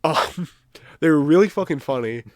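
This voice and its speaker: A man's voice: on the high side, expressive, moderate pace, no echo, clean studio sound. A young man guest on a podcast, rambling with embarrassment and swearing as he tells a story. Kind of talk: casual chat.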